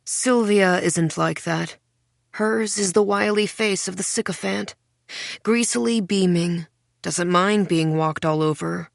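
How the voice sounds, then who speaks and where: A woman narrating a first-person thriller audiobook in a wry, dark, measured way. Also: lowish voice, vocal fry, dry recording, clean studio sound.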